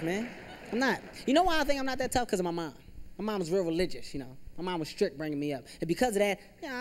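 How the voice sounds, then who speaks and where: A young man doing stand-up comedy on a theater stage, animated and self-deprecating, peppering his talk with "you know.". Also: high-pitched, big-room sound. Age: 20s. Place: theater stage with live audience.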